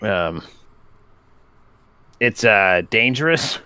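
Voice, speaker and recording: A man playing a tabletop game in character, joking with playful quick asides. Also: lowish voice, animated, sharp tone. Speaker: player.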